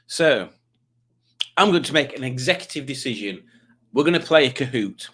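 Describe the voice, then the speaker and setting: A man's voice: mid-range voice, animated, normal speed, a bit bright, husky. Male stream host; rambling, self-mocking banter, casual and jokey. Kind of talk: casual livestream chat.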